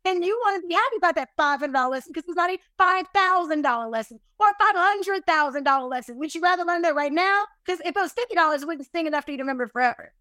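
High-pitched woman on a podcast, animated and emphatic, laughing at her own mistakes, dry close sound. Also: very fast, hardly any pauses, no echo. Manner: animated, emphatic, self-deprecating. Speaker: podcast guest, business owner. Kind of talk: casual interview storytelling.

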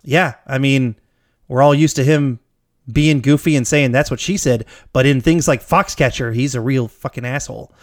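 A man's voice: medium pitch, fairly even intonation, moderate pace, no echo, clean studio sound. A man co-hosting a podcast, chatting casually and with enthusiasm, laughing easily and often restarting sentences. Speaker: podcast co-host. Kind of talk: casual chat.

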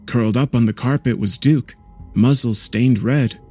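A man narrating a horror story in a measured, somber way. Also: mid-range voice, warm tone, faint music behind.

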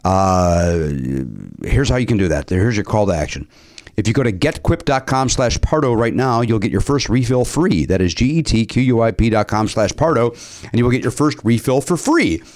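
Man, mid-pitched voice, podcast ad read, stammering, playful. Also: expressive, normal speed, darkish tone. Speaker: podcast co-host reading an ad. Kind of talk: casual ad read in podcast chat.

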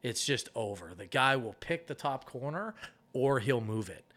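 Man explaining, animated and chatty. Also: medium pitch, normal speed. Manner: animated explaining, acts out arguments. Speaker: goalie coach. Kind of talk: casual podcast interview.

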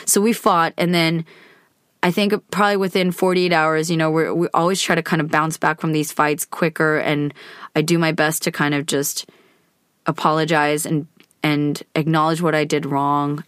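A woman with a fairly low-pitched voice tells a personal story on her podcast, candid and unguarded. She talks conversationally and leans on loose hedges as she goes. The sound is close and dry, with no room behind her. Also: little pitch movement, normal speed, a bit bright, smooth, dry recording. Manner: candid and conversational, with frequent hedging fillers. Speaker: podcast host.

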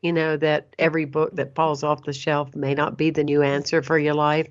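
Low-pitched woman host, reflective and measured, muffled lo-fi radio sound. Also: flat delivery. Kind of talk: casual talk show chat.

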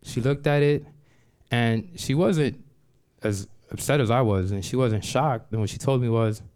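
A man's voice: mid-range voice, measured pace, darkish tone, clear, resonant tone. A man telling a personal story to an audience, conversational and emphatic, leaning on "like" and restarting phrases as he builds tension.

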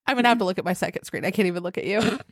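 A woman co-hosting a casual podcast, teasing her partner in quick banter. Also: fairly low pitch, dry recording, clean studio sound. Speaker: podcast co-host. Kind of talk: casual chat.

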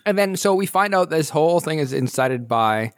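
A man's voice: on the high side, expressive, moderate pace, smooth, dry recording. A man recapping a film plot with dry sarcasm in casual chat. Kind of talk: casual movie review chat.

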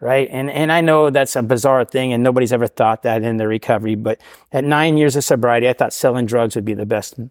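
A man's voice: medium pitch, fast talker, no room sound, clean studio sound. A middle-aged man, a podcast guest, telling his recovery story casually, often tagging "right?" and laughing at himself.

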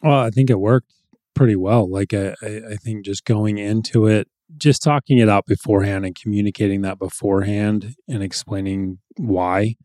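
Man, low voice, mellow, podcast co-host, reflective, hesitant, dry. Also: fairly even intonation, moderate pace, dry recording. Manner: reflective, hesitant, restarts often. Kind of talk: casual podcast conversation.

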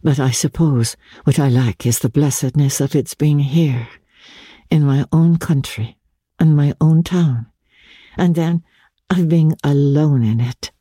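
A gentle, worldly young countess, put on by a woman reading a classic novel speaks low and musingly, her voice lifting lightly above the reader's own. The tone is husky and mellow, close and dry in a storybook reading. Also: measured pace, no echo. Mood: wistful.

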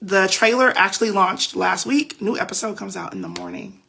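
A woman's voice: mid-range voice, wildly swooping pitch, moderate pace, vocal fry, bright, forceful tone, husky. A woman hosting a faith podcast, giving casual Bible teaching on a phone livestream in a chatty, preachy way with loose slang.

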